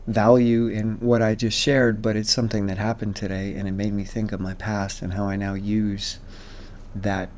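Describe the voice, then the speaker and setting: A man's voice: fairly low pitch, darkish tone, slight background noise. Man vlogging with a swollen cheek. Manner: reflective, candid, chats to camera while doing chores. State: swollen cheek after oral surgery. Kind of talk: casual vlog narration. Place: outdoors and around a house under renovation.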